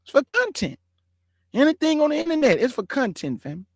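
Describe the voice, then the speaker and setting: In a very high, very animated voice, a man running his own show speaks briskly and earnestly to his viewers, calling them family, brother, and bruh. His impassioned monologue becomes heated and emphatic. The tone is darkish, and the studio-quality recording is dry.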